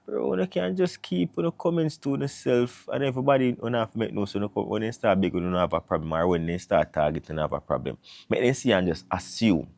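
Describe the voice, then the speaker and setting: A man from Jamaica with a Jamaican accent, giving opinionated commentary to camera, swinging between loud emphasis and low asides. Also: fairly quick, vocal fry, no echo. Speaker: vlogger.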